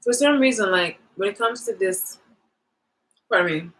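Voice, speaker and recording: Animated young woman ranting to camera. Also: on the high side, normal speed, rough recording. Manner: rambling, animated, lots of fillers. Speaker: vlogger. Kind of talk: casual storytime rant.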